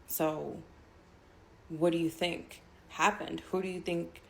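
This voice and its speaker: Low, gravelly woman telling a spooky story. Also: flat delivery, takes it slowly, slight background noise. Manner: casual, conversational, with filler words. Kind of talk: second-person spooky story narration.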